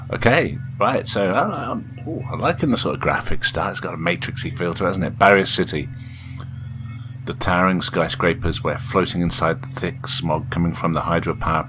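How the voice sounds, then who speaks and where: A man's voice: low voice, moderate pace. A man casually commenting as he plays through game jam entries, reading the on-screen story text aloud and stumbling over words as he goes. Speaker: game reviewer. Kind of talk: casual let's-play commentary. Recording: background music clearly audible.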